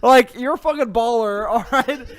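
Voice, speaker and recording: Really high-pitched guy doing an angry sweary comedy rant, all mock tough-guy threats. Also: normal speed. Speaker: host.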